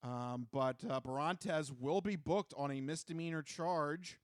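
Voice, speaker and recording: A man's voice: on the high side, unhurried, smooth, no echo, clean studio sound. A man co-hosting a podcast in casual chat, easygoing, recapping a news story with many fillers. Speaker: podcast co-host.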